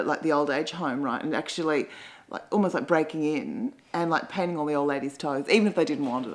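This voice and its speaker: A middle-aged woman with an Australian accent tells a comic monologue at a quick clip. Her pitch leaps all over the place as she rambles and mocks herself. Now and then she breaks into loud, sweary outbursts. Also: low-quality recording. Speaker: comedian and columnist.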